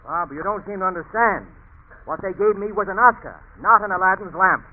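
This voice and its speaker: A man guesting on a 1940s radio comedy show, giving dry, deadpan comebacks, heard as a tinny, hissy broadcast. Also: sits high, a little fast. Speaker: guest actor.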